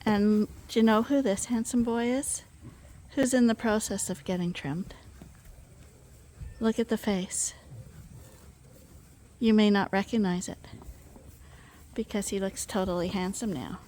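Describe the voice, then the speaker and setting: A woman's voice: medium pitch, unhurried, pauses often, mellow, slight background noise. A woman sheep farmer narrating a farm vlog in her barn, cooing to her animals in baby talk.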